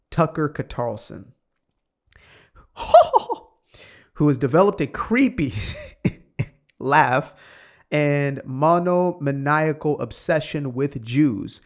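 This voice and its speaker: A man reading an article aloud and commenting on it with sarcastic asides. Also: mid-range voice. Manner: sarcastic asides, quick offhand remarks. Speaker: online commentator.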